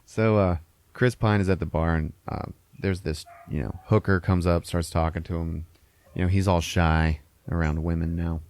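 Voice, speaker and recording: A man with a low voice recaps a film in loose, profane chat and slips into the characters' lines as he goes. The sound is dry and close, with no room around it. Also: fairly even intonation, normal speed, a little mellow, dry recording. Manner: retells scenes with acted-out quotes and frequent swearing. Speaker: podcast host. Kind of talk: casual movie recap.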